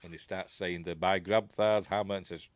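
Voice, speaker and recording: A man's voice: deep voice, fairly even intonation, normal speed, no echo. A man with a Yorkshire accent hosting a casual film commentary, rambling and chuckling as he corrects himself. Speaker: host.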